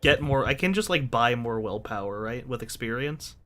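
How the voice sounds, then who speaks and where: A man's voice: mid-range voice, lively intonation, moderate pace, crowd noise. A man playing in a tabletop game, chatting casually and joking with laughter between lines. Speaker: player.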